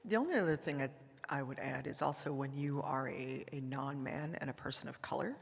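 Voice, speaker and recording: A woman's voice: a bass voice, fairly quick, gravelly, husky. A woman in her fifties speaking on a convention panel, blunt and sassy as she gives advice. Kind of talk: candid convention panel talk. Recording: reverberant convention hall.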